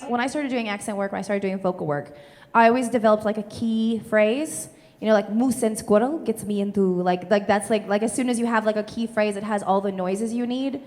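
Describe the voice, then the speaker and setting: Speaking a little fast, a Canadian comedian plays a character with a cartoonish transatlantic stage accent, her voice breathy, chesty and low in the mouth. Fielding audience questions in an echoing theater, she explains with lively energy and many "like"s.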